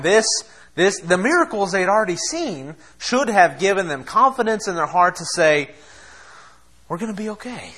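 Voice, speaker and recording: A man preaching a sermon, impassioned, swinging between quiet asides and loud exhortation. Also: a little high. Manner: impassioned, acts out quoted voices, laughs between points.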